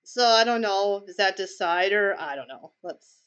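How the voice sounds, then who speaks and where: A woman's voice: mid-range voice, lively intonation, normal speed, a bit bright, smooth, lo-fi sound. A woman commentating on video clips, thinking aloud in a tentative, questioning way. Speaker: personality-typing commentator.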